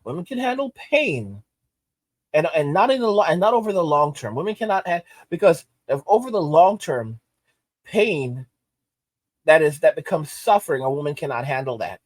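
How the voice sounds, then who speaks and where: A man's voice: on the high side, very animated, normal speed, no echo. Emphatic ranting man, dry close mic. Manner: emphatic, repeats phrases, frequent restarts. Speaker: channel host. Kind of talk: ranting commentary.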